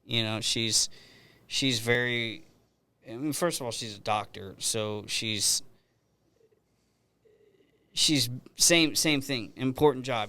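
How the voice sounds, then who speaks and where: A middle-aged man hosts a podcast and talks in a loose, rambling way, circling back and restarting his sentences. His voice is smooth and resonant, at an ordinary pitch. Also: slow pace, long pauses, bright, forceful tone. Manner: rambling storyteller with frequent restarts. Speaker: podcast host. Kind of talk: casual conversational interview.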